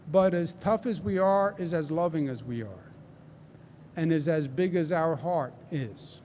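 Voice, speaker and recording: A middle-aged man with a Queens accent speaks slowly and deliberately at a press briefing, pressing each point home. His voice sits fairly high for a man. A faint hum of ambience sits behind him. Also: warm tone. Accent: New York (Queens). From New York. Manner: deliberate, emphatic, repeats points. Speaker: governor. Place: large convention center hall.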